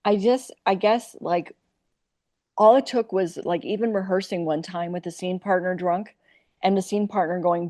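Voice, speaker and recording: A woman's voice: fairly low pitch, normal speed, no room sound. A woman from Iowa, a comic actress, telling candid stories in a podcast interview and acting out the people in them. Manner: animated, acts out quoted voices.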